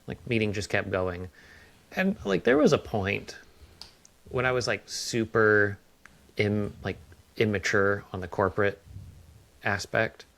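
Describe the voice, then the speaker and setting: A man's voice: on the low side, animated, measured pace, creaky, long pauses, a bit bright. A man co-hosting a podcast, telling casual stories and acting out quoted lines. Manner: storytelling, acts out quotes. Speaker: podcast co-host. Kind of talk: casual chat.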